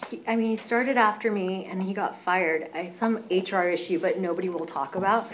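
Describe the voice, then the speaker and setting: A young woman in recovery, candidly sharing her story at a meeting, animated, with many fillers and some swearing. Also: medium pitch, a little fast, a little hiss or hum. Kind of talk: casual personal sharing.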